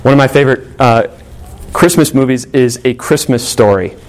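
A man preaching a sermon at a middle pitch, earnest and conversational. He tells a story to his congregation with frequent small fillers and restarts, then turns to direct, plain exhortation. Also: moderate pace, a little mellow. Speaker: pastor.

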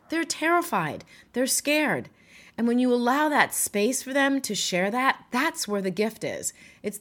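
Frank, emotional woman sharing her story. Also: fairly high pitch. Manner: frank, emotional, laughs often, swears. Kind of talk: candid personal talk.

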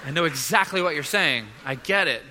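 A man preaching a sermon as a pastor, earnest and halting, often repeating his words. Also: on the high side, lively intonation, bright, forceful tone, a little hiss or hum. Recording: long reverb of a large hall.

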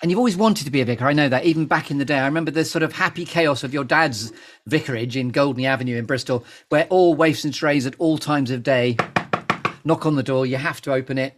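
A man's voice: medium pitch, fast talker, a little hiss or hum. A man hosting a chatty live podcast interview, playful and theatrical, wandering off on tangents. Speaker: podcast host.

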